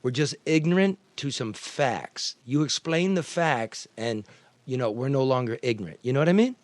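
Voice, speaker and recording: A man's voice: mid-range voice, expressive, normal speed, dry recording. A man from the American Midwest hosting a news talk show, blunt and profane, often restarting his sentences. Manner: blunt, profane, repeats himself. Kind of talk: casual talk show banter.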